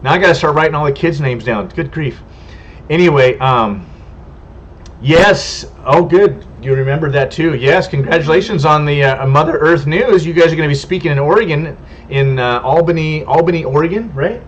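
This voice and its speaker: A homestead channel host from California chats casually on a livestream, working through viewer comments with a rambling warmth and stumbling over names. He speaks at a moderate pace in a slightly high voice, heard through dull lo-fi stream audio.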